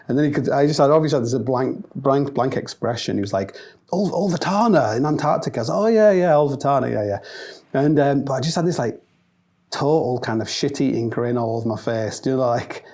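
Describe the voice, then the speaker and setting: Mellow-voiced Northern English man telling a story. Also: mid-range voice, fast. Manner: animated, swearing, mimics voices in quotes. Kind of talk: comic anecdote monologue.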